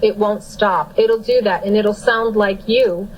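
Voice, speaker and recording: A woman telling a personal story in a casual, animated and emphatic way. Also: mid-range voice, a little slow, a little hiss or hum, poor audio.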